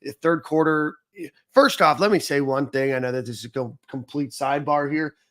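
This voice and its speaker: A man's voice: fairly high pitch, moderate pace, fairly bright tone. Conversational man hosting a podcast. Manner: conversational, lots of fillers like um and you know. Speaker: podcast host. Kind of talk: casual sports chat.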